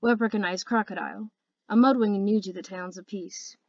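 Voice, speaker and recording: A woman's voice: medium pitch, steady tone, fairly quick, darkish tone, no room sound, dull audio. A woman reading a fantasy novel aloud as an amateur audiobook narrator, earnest and careful, with occasional slips. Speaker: audiobook reader.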